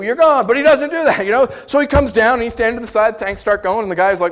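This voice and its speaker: A man preaching a sermon, telling stories with sudden shouted bursts and rhetorical questions to the congregation. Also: very high-pitched, fast talker, hardly any pauses. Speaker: pastor.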